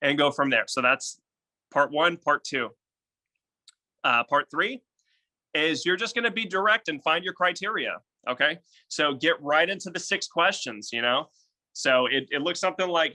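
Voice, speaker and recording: A young man teaches cold calling in a loose, hard-driving way, blunt and unafraid to curse. His voice sits a little high and cuts through with a very bright, sharp edge. He sounds like he is coaching a team rather than giving a formal lecture. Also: normal speed. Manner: blunt, energetic and direct, with casual swearing. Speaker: real estate sales coach. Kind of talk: casual sales training talk.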